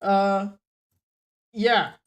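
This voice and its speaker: A woman's voice: medium pitch, fairly even intonation, drawn-out words. A woman narrating a tabletop game as game master, in a casual, rambling way with fillers and laughs.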